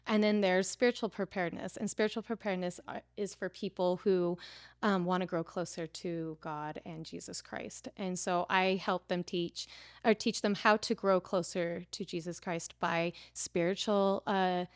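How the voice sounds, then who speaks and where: A woman's voice: fairly low pitch, fairly even intonation, moderate pace, no echo, studio quality. A woman in her thirties, a preparedness teacher and interview guest, telling her story casually with lots of "like" fillers.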